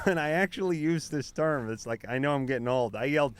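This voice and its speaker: A man's voice: fairly high pitch, fairly quick, clear, resonant tone. Rambling, joking radio co-host man. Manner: rambling, joking, with many fillers and restarts. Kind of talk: casual late-night radio banter.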